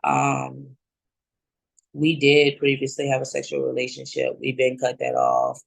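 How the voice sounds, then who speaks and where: Thirties woman, interview guest, gravelly texture, blunt and profane, acts out scenes. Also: a bass voice, measured pace, no room sound, poor audio. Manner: candid, blunt, swears freely; relives scenes by acting out both sides. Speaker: guest sharing her story. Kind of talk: personal testimony in casual talk.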